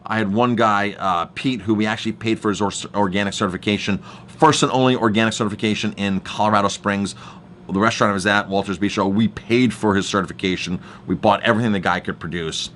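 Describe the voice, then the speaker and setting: A man's voice: fairly low pitch, steady tone, quick pace, fairly bright tone, a little hiss or hum. A middle-aged man, a chef and restaurant owner, telling stories in an earnest, emphatic staff training talk and often repeating words as he goes.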